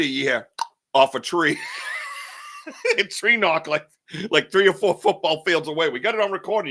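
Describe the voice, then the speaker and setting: A man hosting a podcast, chatting in an animated, joking way and swearing casually. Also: mid-range voice. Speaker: podcast host. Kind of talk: casual chat.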